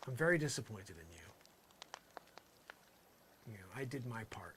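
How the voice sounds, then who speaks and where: A man's voice: mid-range voice, very animated, measured pace, pauses often, slight background noise. A man doing an improvised comedic rant, rambling and sarcastic, swinging between exasperated outbursts and muttered asides. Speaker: comedian performing a character monologue.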